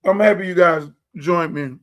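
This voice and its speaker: A man's voice: sits high, moderate pace, fairly bright tone. A man hosting a casual livestream chat, rambling on in a loose, chatty way while he eats. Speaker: show host.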